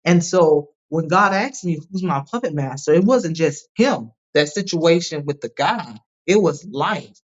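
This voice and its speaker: A woman's voice: sits low, unhurried, hardly any pauses. Emphatic woman telling her story. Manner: emphatic, animated, repeats "like" and "right?". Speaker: podcast guest. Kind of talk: candid personal storytelling. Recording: dull lo-fi sound.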